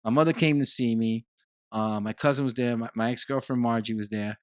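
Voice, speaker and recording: A man, a guest on a podcast, telling a long personal story in casual conversation, animated and repeating himself as he talks. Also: medium pitch, brisk, clean tone, dry recording, clean studio sound. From Puerto Rico.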